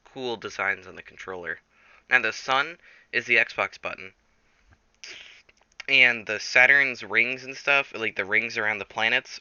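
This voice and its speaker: A man's voice: medium pitch, pushed and bright, no echo, muffled recording. A man improvising a comic story in a rambling, self-correcting way. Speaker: storyteller host.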